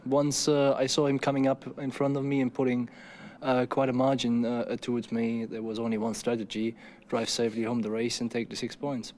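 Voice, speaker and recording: A man gives measured answers on the podium after the race. He speaks in a flat, even line with little rise and fall. Faint background noise sits behind his voice. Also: mid-range voice. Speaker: racing driver. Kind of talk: post-race podium interview.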